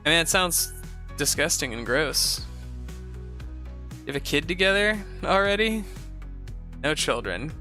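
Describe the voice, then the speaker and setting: A young man with a bright, somewhat high voice reads a post aloud and keeps stopping to drop blunt, sarcastic comments. Soft music plays faintly underneath. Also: big pitch swings, unhurried, long pauses. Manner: reads in first person, breaks off for blunt sarcastic asides. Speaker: host reviewing reddit posts.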